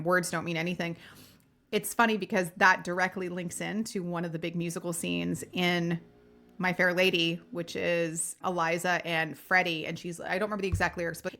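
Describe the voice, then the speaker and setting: A woman's voice: fairly low pitch, gravelly, sharp tone. A woman co-hosting a podcast, chatting casually about old films, swearing freely and acting out characters' lines. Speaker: podcast co-host. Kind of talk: casual film-review chat.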